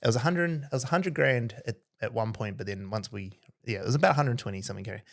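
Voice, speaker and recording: A man's voice: medium pitch, quick pace, creaky. A man hosting a podcast, telling stories casually with a lot of energy and frequent "like"s. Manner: energetic, says "like" constantly. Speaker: podcast host. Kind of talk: casual conversational storytelling.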